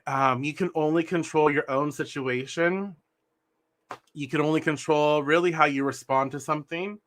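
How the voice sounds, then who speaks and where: A man's voice: fairly high pitch, steady tone, moderate pace, a bit bright, a little hiss or hum. A young man giving a spiritual tarot reading, earnest and meandering, often restarting sentences and talking with his hands. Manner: earnest, meandering, self-correcting. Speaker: tarot reader.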